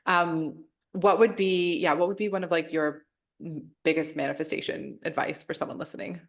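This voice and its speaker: A woman's voice: deep voice, steady tone, moderate pace. A young woman hosting a podcast in casual interview chat, affirming her guest with enthusiastic interjections over a remote call. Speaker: podcast host.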